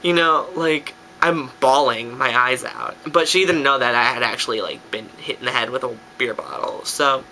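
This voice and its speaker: A young man vlogging, telling a story in a casual, animated way and filling his talk with "like". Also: medium pitch, moderate pace, hardly any pauses, slight background noise.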